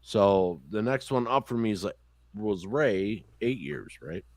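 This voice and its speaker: A man's voice: fairly low pitch, unhurried, no room sound. A man on a podcast telling childhood stories in casual chat, cursing often and acting out the people in his stories. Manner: profane, animated storyteller. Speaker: podcast host.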